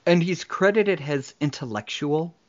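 A man's voice: fairly high pitch, lively intonation, a little slow, muffled recording. A man co-hosting a casual movie podcast, retelling scenes in detail and laughing often. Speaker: podcast co-host.

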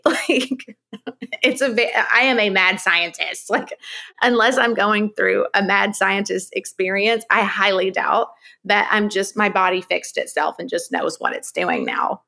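A middle-aged woman talks openly as a podcast guest, her voice bright with a gravelly edge of fry. She speaks with emphasis and laughs easily between points. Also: mid-range voice, animated, a little slow. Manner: open, emphatic, laughs often. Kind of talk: candid podcast conversation.

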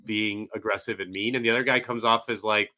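A man's voice: on the low side, fairly even intonation, fairly quick, bright, forceful tone. A man co-hosting a podcast, rambling and hedging with many fillers. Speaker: podcast co-host. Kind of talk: casual podcast chat.

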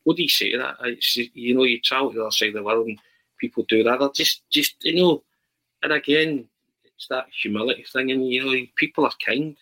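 A man, a podcast guest chatting casually and telling animated stories with many restarts. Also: medium pitch, fairly quick, rough recording. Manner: animated storyteller, frequent restarts. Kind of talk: casual chat.

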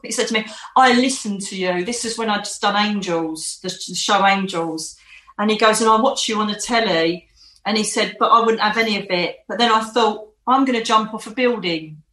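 A woman, a medium telling stories with animated emphasis as an interview guest. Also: medium pitch, normal speed, reverberant, poor audio. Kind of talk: casual storytelling in an interview.

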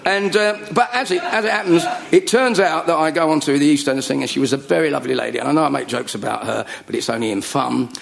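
A middle-aged man telling comic stories to a live audience, animated and full of jokes and voices. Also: on the high side, fast, gravelly, hardly any pauses. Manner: animated joke-telling, does voices and laughs. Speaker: comedian guest.

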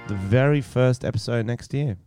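A man's voice: mid-range voice, normal speed, over music. A man co-hosting a casual podcast, laughing often as he talks. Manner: giggly, laughs often at his own jokes. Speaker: podcast co-host.

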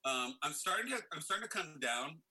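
A man's voice: on the high side, very animated, brisk, sharp tone. A young man co-hosting a casual chat, his mouth burning from hot sauce, explaining things wryly and laughing often. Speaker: podcast co-host.

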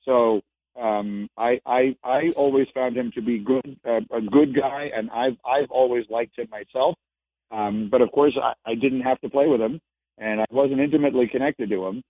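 A man's voice: medium pitch, steady tone, moderate pace, no echo. A man who used to be a sports reporter, speaking as a guest on a radio show and building his points by repeating phrases. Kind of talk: casual radio interview. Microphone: phone. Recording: dry tinny phone line.

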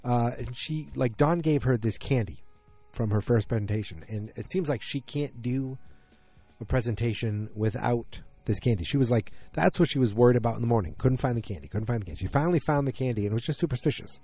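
A man's voice: medium pitch, fairly quick, dark tone, breathy edge, faint music behind. A man casually recapping a TV episode, rambling and correcting himself mid-sentence in loose, slangy talk.

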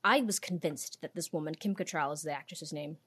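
A woman's voice: low voice, a little fast, fairly bright tone. A young woman co-hosting a podcast in casual chat, sarcastic and opinionated, slipping into mock accents for jokes. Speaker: podcast co-host.

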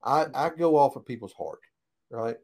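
A man's voice: medium pitch, animated, moderate pace, darkish tone. A man telling old racing stories in a casual interview, folksy and plain-spoken, swearing freely and tagging "right?" onto his sentences. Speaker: guest, retired race car driver.

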